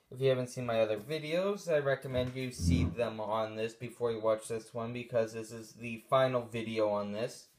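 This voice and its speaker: A man with a bright, clear voice talks casually through a computer demo. He rambles a little and often stops to correct himself mid-sentence. He sounds offhand and unpolished, like a hobbyist host. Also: mid-range voice. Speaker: tech channel host. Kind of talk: casual screen-recorded tech walkthrough.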